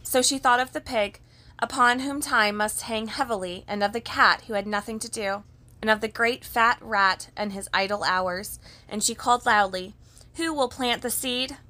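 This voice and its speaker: Bright-voiced woman reading a storybook. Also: medium pitch, steady tone, moderate pace. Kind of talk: reading a children's story aloud.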